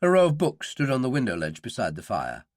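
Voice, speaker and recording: A man's voice: fairly quick, no room sound, clean studio sound. A man reading a thriller audiobook aloud, voicing the characters in turn. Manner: reads character voices with lively pitch. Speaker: audiobook narrator. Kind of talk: scripted audiobook narration.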